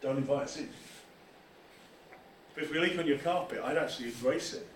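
A man preaching a lively sermon as pastor, acting out quoted voices as he goes. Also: a little high, brisk, a little hiss or hum. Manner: animated, acts out quoted voices. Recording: echoey room from far off.

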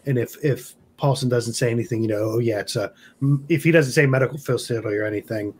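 A man's voice: medium pitch, fast, a little mellow, slight background noise. A man who is a player in a tabletop role-playing game, talking in a hesitant, rambling way.

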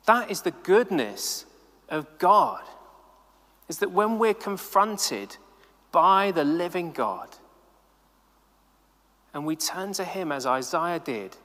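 A man preaching a sermon to the camera in a chatty, animated way, full of casual asides. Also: on the high side, big-room sound. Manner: animated, conversational, many "like"s. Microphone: camera mic.

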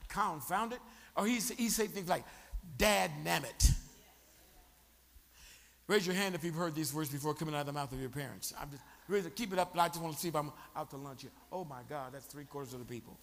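A man preaching a sermon as pastor, animated, joking and calling on the congregation to respond. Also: a little high, brisk, long reverb tail. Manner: animated preaching with crowd prompts and humor.

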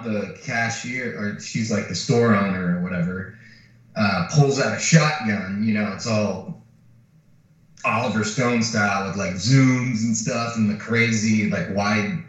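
A podcast co-host with a voice on the low side casually retells a film plot, swearing freely and acting out lines with animation. He is recorded far from the mic in a very echoey room, and the sound is dull.

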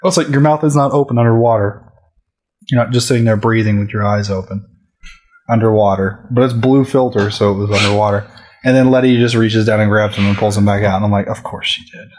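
A man's voice: lowish voice, steady tone, fast talker, darkish tone. A man in casual chat who swears a lot and acts out scenes while retelling a movie plot.

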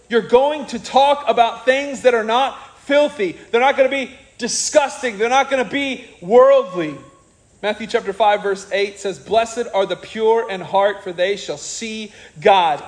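A man preaching a sermon in an animated way, with joking asides and acted-out quotes. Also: high-pitched, poor audio. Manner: animated, jokey asides, acts out quoted people.

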